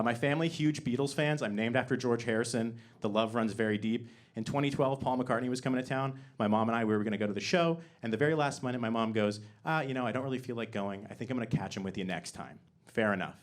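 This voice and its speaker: A young man performing a stand-up comedy set on a theater stage, moving from soft, sincere build-ups to loud, excited punchlines into a handheld microphone. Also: mid-range voice. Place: theater stage before a live audience.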